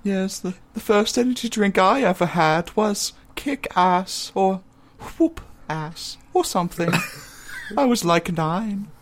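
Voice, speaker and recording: A man's voice: sits high, slow, a little hiss or hum. A man co-hosting a casual group chat, reading out comments and laughing often. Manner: animated, laughing often, reads comments aloud. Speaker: co-host reading chat messages.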